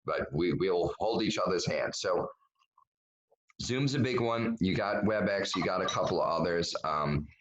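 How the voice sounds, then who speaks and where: A man's voice: low-pitched, unhurried, a little hiss or hum, low-quality recording. A man giving a webinar presentation over a video call, talking bluntly and casually with lots of fillers and restarts.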